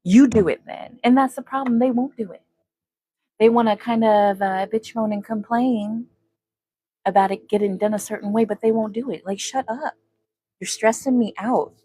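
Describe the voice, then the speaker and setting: A woman's voice: medium pitch, fairly even intonation, moderate pace, dark tone, slightly rough. A woman giving a casual tarot reading to her viewers, chatty and talking to spirit, humming as she works. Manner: chatty, talks to spirit and viewers, hums while shuffling. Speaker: tarot reader.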